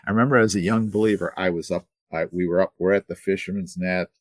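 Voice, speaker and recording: Older man pastor, seventies, low voice, earnest storytelling sermon, dry recording. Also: steady tone, quick pace, no echo. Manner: storytelling, repetitive restarts, earnest.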